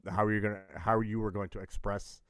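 A man hosting a podcast, asking questions in a relaxed, halting way. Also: on the low side, smooth, dry recording, studio quality. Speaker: podcast host. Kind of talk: casual interview chat.

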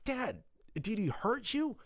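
A man's voice: high voice, big pitch swings, no room sound, studio quality, voice pushed up, heavily acted. A man doing a flustered hero son. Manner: flustered, quick questions.

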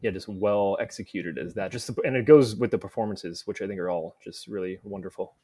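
Rambling man, low voice. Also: brisk, warm tone, slight background noise. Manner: rambling, lots of "like" and "uh" fillers. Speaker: film critic, guest correspondent. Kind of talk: casual podcast conversation.

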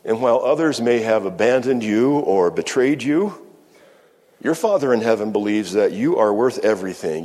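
Male pastor, fairly low voice, preaching with deliberate pauses; reverberant sanctuary sound. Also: animated, darkish tone. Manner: measured preaching with slow emphatic pauses. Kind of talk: sermon. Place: church sanctuary. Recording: long reverb of a church hall.

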